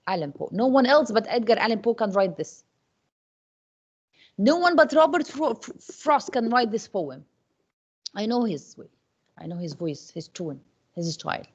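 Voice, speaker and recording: A woman's voice: medium pitch, a little mellow, slightly rough, muffled recording. A woman English teacher teaches an online class, repeating questions to her students with many fillers and restarts.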